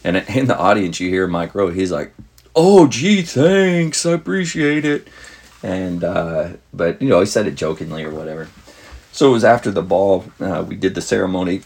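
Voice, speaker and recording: Low, husky man telling a rambling story. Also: brisk, darkish tone. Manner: rambling, easygoing, with many fillers and restarts. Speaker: podcast host. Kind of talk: casual storytelling monologue.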